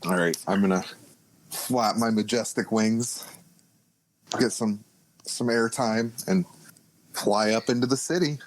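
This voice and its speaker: A man's voice: fairly low pitch, measured pace, pauses often, a little hiss or hum, rough recording. A man playing a tabletop game, brash and joking with frequent swearing. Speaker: player. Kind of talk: casual tabletop play.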